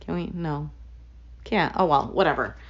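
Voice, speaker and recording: A woman with a deep voice reads tarot cards for her viewers, thinking aloud casually and filling her talk with fillers and asides. She speaks at normal speed, and the sound is lo-fi.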